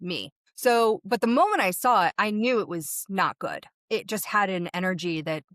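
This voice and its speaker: A woman's voice: medium pitch, animated, a bit bright, no room sound, studio quality. A woman who works as a medium, a guest in an interview, vividly recounting a personal experience. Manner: vivid storytelling, speeding up and slowing down with the story.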